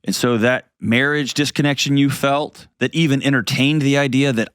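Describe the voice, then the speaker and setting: A man's voice: medium pitch, steady tone, moderate pace, fairly bright tone, smooth, no room sound, clean studio sound. Blunt, earnest male advice host. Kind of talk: call-in advice talk.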